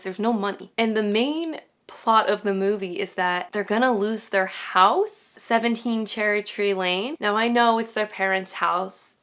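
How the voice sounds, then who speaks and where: A woman's voice: medium pitch, a bit bright. A woman giving a casual, chatty movie review to her viewers, full of "like" and asides to "guys". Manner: chatty, fillers "like" often, talks to viewers as "guys".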